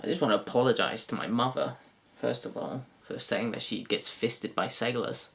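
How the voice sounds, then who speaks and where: A man's voice: medium pitch, normal speed, creaky, a bit bright, slight background noise. A man with a Yorkshire accent performing a stand-up comedy routine, rambling, correcting himself and swearing with sardonic delivery. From Yorkshire, England.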